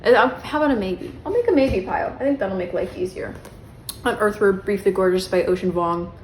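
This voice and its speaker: A woman's voice: mid-range voice, expressive, fairly quick, slight background noise. A young woman vlogging casually about her books, chatty and self-mocking, with plenty of "um" and "like" as she rambles. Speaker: book vlogger. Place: bedroom. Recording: echoey room.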